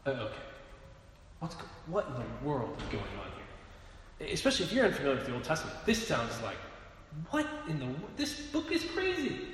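A man's voice: fairly high pitch, very animated, fairly quick. A man preaching a sermon in a conversational way, asking rhetorical questions and often restarting his words, in a church hall. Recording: echoey hall with long reverb, faint noise.

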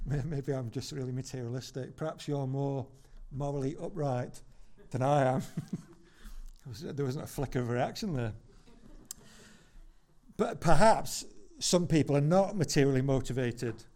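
A man preaching a sermon as pastor in church, conversational and wry with dry humorous asides, slowing down to land emphatic points. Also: medium pitch, dark tone. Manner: builds to slow, emphatic points.

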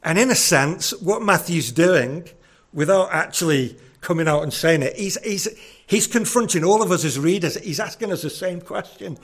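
A man's voice: on the high side, lively intonation, a little slow. A man preaching a sermon in a conversational, earnest way, often repeating words as he goes.

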